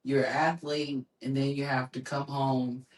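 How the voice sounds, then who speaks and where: Male podcast host, mid-pitched, relaxed, encouraging, roomy sound. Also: a little slow. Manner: encouraging, restarts sentences, playful asides. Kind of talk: casual interview chat. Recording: roomy echoing room.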